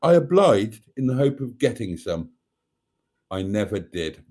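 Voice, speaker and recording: A man's voice: fairly low pitch, big pitch swings, a little slow, darkish tone. Man reading his live chat. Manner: reads viewer comments aloud, chuckling often. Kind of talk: casual live stream chat.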